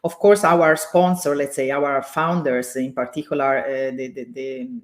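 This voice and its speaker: Woman, english, halting welcome speech, lots of fillers, video call. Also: a bass voice, fairly even intonation. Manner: halting, many fillers and restarts. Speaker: president of the organization, opening host. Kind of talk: hesitant welcome speech with thanks.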